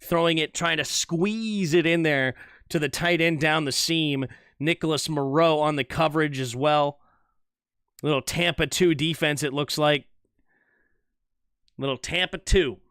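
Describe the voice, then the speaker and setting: A man's voice: fairly high pitch, clean tone, no echo, studio quality. A young man streaming live fan play-by-play of an American football game, calling each snap and chatting with his viewers. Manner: animated, fast shifts between calling plays and chatting.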